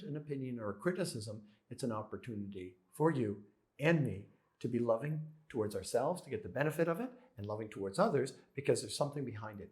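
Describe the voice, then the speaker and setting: A man's voice: medium pitch, darkish tone. A man giving an earnest spiritual self-help talk, repeating phrases and asking rhetorical questions. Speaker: motivational speaker.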